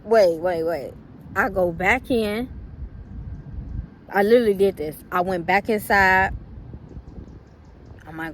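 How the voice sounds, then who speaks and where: A young adult woman vlogger casually shares a personal story with her viewers, acting out how she reacted back then. Her mid-range voice stretches words out conversationally and leans on fillers, with slight background noise behind her.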